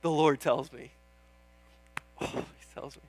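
A man's voice: on the high side, takes it slowly, no room sound. A young man preaching a sermon in an earnest, chatty way, often calling out "Amen?" and joking about himself. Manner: self-deprecating, laughs at himself.

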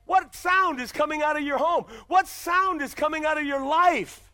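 A man's voice: very high voice, moderate pace, sharp tone. A man pastor preaching a sermon in a church, emphatic and full of repeated rhetorical questions.

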